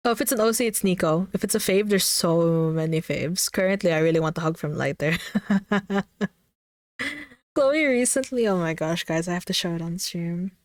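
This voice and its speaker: A woman's voice: fairly low pitch, normal speed, no room sound. A woman streaming from her room, chatting casually with her chat, giggly and gushing, swearing lightly. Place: her own room at home.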